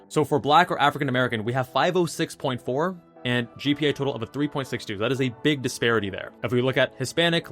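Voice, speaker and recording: A man in his thirties talks in a relaxed, conversational way, walking a viewer through numbers one step at a time. His pitch sits in an ordinary middle range for a man. Faint music plays underneath. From South Asian heritage. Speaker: YouTube host, physician. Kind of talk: casual explainer talk.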